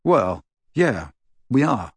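A man voicing a serious teenage boy who speaks in a flat, quiet and firm way, from a storybook audiobook. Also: mid-range voice, slow, husky, dry recording, exaggerated voice. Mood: guarded.

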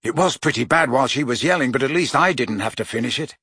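A man's voice: medium pitch, animated, fast talker, bright, forceful tone, husky, no echo, clean studio sound, heavily acted. A man voicing a sheepish teenage schoolboy who mutters out of the side of his mouth. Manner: sheepish, mumbling.

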